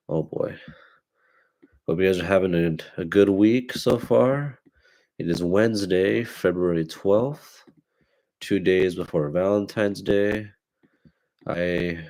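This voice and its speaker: A man's voice: deep voice, darkish tone. A young man hosting his own podcast, sounding stuffy from allergies, rambling in casual chat with lots of swearing and fillers. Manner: rambling and profane, with many fillers and restarts. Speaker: podcast host.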